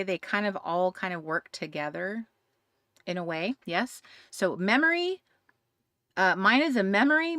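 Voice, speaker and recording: A woman with a mid-range, slightly bright voice hosts a live craft stream. She chats casually, greets viewers by name, and uses many fillers.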